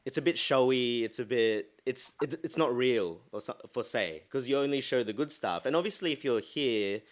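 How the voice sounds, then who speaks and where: A man's voice: medium pitch, animated, normal speed. Chatty rambling male podcast host. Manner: rambling, restarts often, enthusiastic slang. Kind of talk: casual interview chat.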